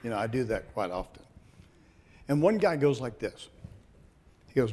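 A middle-aged man, a pastor, preaching a sermon with animated storytelling and calls to the congregation. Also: mid-range voice, normal speed, long pauses.

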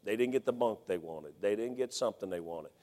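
A middle-aged man preaching a folksy sermon, swinging between loud exhortation and hushed storytelling. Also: fairly low pitch, animated, brisk. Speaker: pastor. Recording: long hall reverb.

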